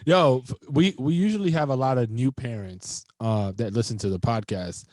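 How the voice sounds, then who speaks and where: A man's voice: medium pitch, normal speed, a little mellow, no echo, studio quality. A man co-hosting a casual podcast, bluntly teasing and prodding the others with questions. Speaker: podcast co-host. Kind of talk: casual chat.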